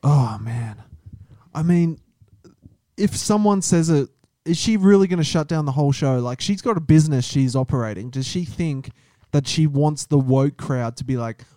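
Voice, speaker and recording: A young man co-hosting a comedy podcast, tossing out deadpan jokes. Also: fairly high pitch, normal speed, no room sound, clean studio sound. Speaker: podcast co-host. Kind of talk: casual comedy podcast chat.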